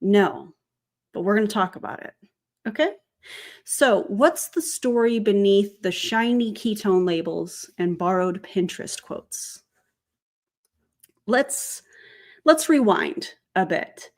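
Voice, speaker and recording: A woman's voice: mid-range voice, expressive, takes it slowly, pauses often. A woman hosting a casual commentary vlog, chatty, tossing in sarcastic asides and correcting herself as she goes. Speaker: commentary channel host.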